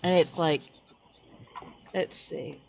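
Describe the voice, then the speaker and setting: A woman's voice: low-pitched, fairly even intonation, slow, gravelly, a little mellow, slight background noise. A woman chatting casually about her craft and outdoor projects. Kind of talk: casual chat.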